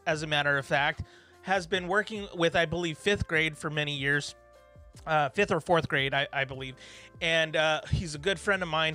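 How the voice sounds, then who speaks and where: A study livestream host talks in a bright, forceful, slightly high voice. Reading viewer comments in casual chat, he rambles and offers encouragement, using lots of fillers.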